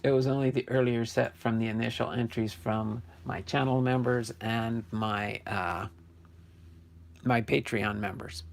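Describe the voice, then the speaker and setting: A man's voice: mid-range voice, fairly even intonation, a little slow, vocal fry, a little hiss or hum. An older man from New Jersey hosting a casual live stream about sports cards, chatting loosely and correcting himself as he goes. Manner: chatty, self-correcting, thinking aloud. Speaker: sports card channel host.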